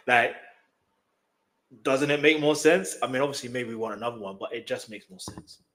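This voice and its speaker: Man, casual chat, insistent, repeats himself, mid-pitched. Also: normal speed, fairly bright tone. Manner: insistent, repeating his points. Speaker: co-host of a reaction show.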